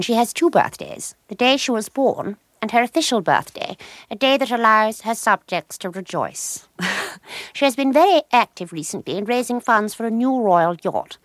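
A woman's voice: medium pitch, no echo, clean studio sound, pitched above the performer's own voice. A woman voicing a haughty aging royal lady with an upper-class English accent, plummy and stately. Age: 50s. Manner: plummy, stately, self-important.

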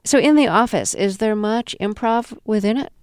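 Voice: mid-range voice, lively intonation, normal speed, clean tone, no echo, clean studio sound. An interviewer asking curious questions and laughing along with the guest. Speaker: radio interviewer.

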